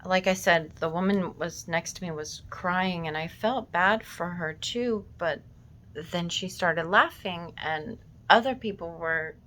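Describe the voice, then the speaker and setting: A woman in her thirties telling a personal story slowly and reflectively, with emotion and some casual swearing. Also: fairly low pitch, bright, forceful tone, a little hiss or hum. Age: 30s. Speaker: vlogger.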